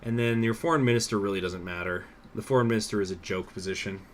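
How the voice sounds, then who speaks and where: A man's voice: on the low side, quick pace, slight background noise. A young man live-streaming a strategy game, rambling casually with lots of fillers and swearing.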